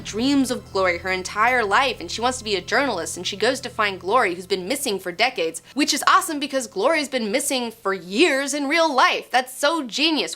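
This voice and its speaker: A young woman ranting enthusiastically about a comic, gushing and swearing, full of "like" and fast asides. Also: a little high, pushed and bright. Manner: gushing, profane, lots of "like". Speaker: comic book reviewer. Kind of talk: excited solo review rant.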